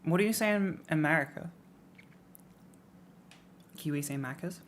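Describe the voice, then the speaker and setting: A young woman with a British accent chats loosely to her viewers in a low-pitched voice. Her sentences wander and often drop away softly at the end. A faint background ambience sits under the talk. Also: moderate pace, slight background noise. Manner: rambling, trails off quietly at ends of phrases. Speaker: streamer. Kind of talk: casual live-stream chat.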